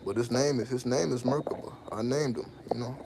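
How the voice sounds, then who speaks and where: A channel host talks casually to the camera about his life, loose and slangy, often repeating himself and asking "you know what I mean." His medium-pitched, creaky voice moves fairly quickly over a noisy background.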